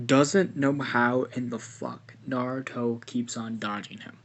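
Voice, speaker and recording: A man's voice: medium pitch, fairly even intonation, measured pace, hardly any pauses. Man rambling through an improvised fan story. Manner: rambling, many fillers and restarts.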